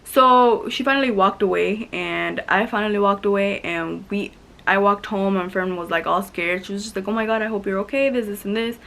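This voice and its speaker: A woman's voice: medium pitch, normal speed, vocal fry. A teenage girl telling a story to camera in a casual storytime vlog, acting out quotes with many fillers. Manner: animated retelling, acts out quotes, many "like" fillers. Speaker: vlogger.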